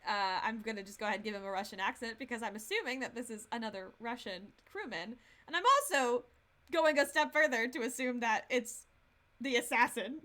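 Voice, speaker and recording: A young woman streamer giving excitable, swearing gameplay commentary and laughing at the game. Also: a little high, fairly quick.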